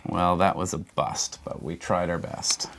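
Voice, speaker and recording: A man's voice: low-pitched, steady tone, measured pace, fairly bright tone. A man playing a tabletop game, easygoing and thinking his moves aloud in casual chat. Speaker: player.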